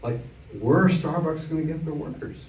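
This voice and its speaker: An older man lecturing on economics in a wry, explanatory manner, his voice mellow and dark. He sounds distant from the microphone in an echoey room, with a faint hum of ambience behind him. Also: a little high, fairly quick. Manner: wry, explanatory storytelling from memory. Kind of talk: adult education lecture.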